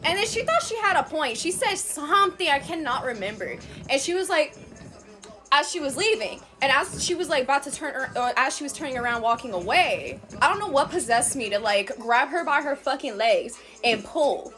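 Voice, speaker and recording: A young woman tells funny stories from her childhood in an animated, blunt way, and her cursing comes casually. Her voice sits high and swings up and down as she acts things out. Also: moderate pace, faint music behind. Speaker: storyteller. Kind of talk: casual storytime.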